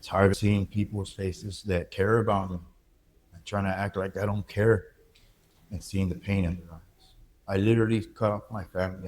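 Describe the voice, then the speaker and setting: A man, speaking as an interview guest and telling his story in a candid, halting, reflective way. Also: on the low side, a little mellow. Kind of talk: emotional personal interview.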